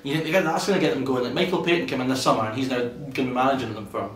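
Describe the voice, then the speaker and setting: A man's voice: medium pitch, racing, recorded from a distance. A young Scottish man co-hosting a casual football podcast, blunt and swearing casually. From Scotland. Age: young adult. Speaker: podcast co-host. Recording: roomy, off-mic with faint hiss.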